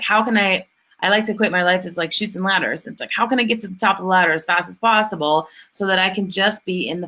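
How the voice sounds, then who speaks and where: A woman's voice: lowish voice, pushed and bright. A woman hosting a casual spiritual business chat, enthusiastic and full of fillers. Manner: chatty, many fillers, enthusiastic. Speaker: host.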